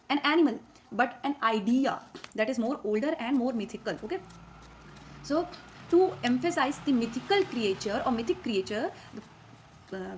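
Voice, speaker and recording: Woman, Indian English accent, fairly high voice, a cold in her throat; patient lecturing teacher, step-by-step explanations with frequent fillers. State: has a cold. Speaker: literature teacher. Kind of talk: classroom lecture.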